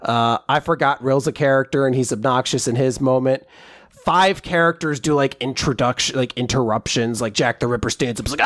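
A man co-hosting a podcast, recapping manga chapters in casual chat, joking and sarcastic, acting out characters in quick voices. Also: mid-range voice, fairly even intonation, a bit bright, dry recording, clean studio sound. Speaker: podcast co-host.

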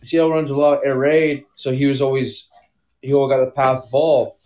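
A man's voice: medium pitch, level tone, fairly quick, highs cut off. A man talking casually as a guest on a live chat over his headset mic. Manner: loose, rambling sports talk.

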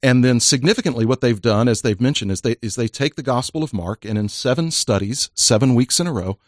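A man's voice: medium pitch, brisk, no room sound, studio quality. A man who is a pastor and podcast host, joking with guests and then earnestly explaining a church program. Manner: jovial, earnest when explaining. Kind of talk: casual chat and enthusiastic endorsement.

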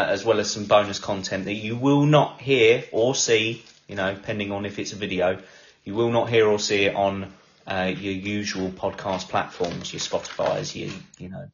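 A man co-hosting a live podcast, chatting casually, rambling and jokey, with the odd swear word. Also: fairly low pitch. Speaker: podcast co-host. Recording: echoey, dull lo-fi sound.

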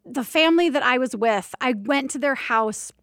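A woman's voice: high-pitched, fairly bright tone, dry recording, studio quality. Chatty woman podcast host. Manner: chatty and candid, emotional, with quick restarts. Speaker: podcast host and birth doula. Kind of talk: casual solo podcast chat.

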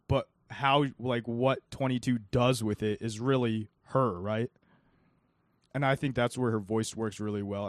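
A man's voice: on the low side, no room sound. A young man co-hosting a podcast, chatting casually about a movie in a rambling way full of fillers. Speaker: podcast co-host. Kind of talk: casual movie review chat.

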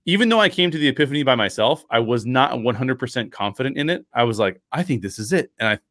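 Male podcast host in his thirties, mid pitch, dry close sound, animated storyteller acting out quotes. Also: fast talker, no room sound.

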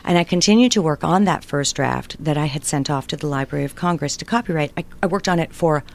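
A middle-aged woman with a notably low voice tells stories in a relaxed interview. She talks animatedly and slips into the voices of the people in her anecdotes. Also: quick pace, vocal fry. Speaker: guest, writer and performer. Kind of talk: conversational storytelling interview.

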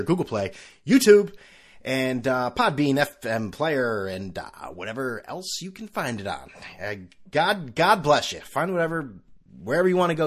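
Male podcast host, solo comedic rant, sarcastic asides, lively swooping pitch. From California. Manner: animated ranting with sarcastic asides.

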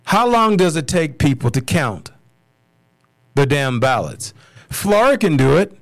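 A fired-up American man with a fairly high voice rants on his podcast, blunt and cursing, hammering the same words over and over. The sound is dry and close, with no room around it. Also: sing-song, unhurried, creaky, dry recording. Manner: angry, blunt, swearing, repeats himself. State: furious. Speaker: podcast host. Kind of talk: solo political podcast rant.

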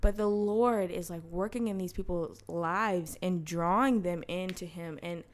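A young woman in casual conversation, telling a story with frequent laughs and lively quoted voices. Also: fairly low pitch, measured pace. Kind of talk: casual chat.

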